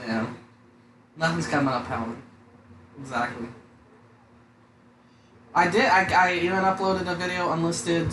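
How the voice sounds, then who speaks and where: Young guy rambling and cussing, says dude a lot, kinda high voice, echoey room. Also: a little slow, pauses often. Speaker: podcast co-host. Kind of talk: casual profane chat. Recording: echoey room with faint noise.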